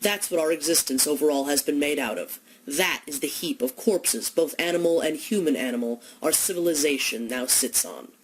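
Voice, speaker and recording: A woman giving an impassioned, accusatory monologue full of rhetorical questions, building to loud declamation. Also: deep voice, moderate pace, few pauses, slight background noise, rough recording. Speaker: speaker delivering a philosophical monologue.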